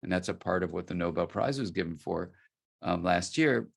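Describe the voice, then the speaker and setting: A man from the United States, a guest expert, telling a story in an interview answer, soft-spoken and dropping nearly to a murmur. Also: low voice, expressive, moderate pace, vocal fry, breathy edge.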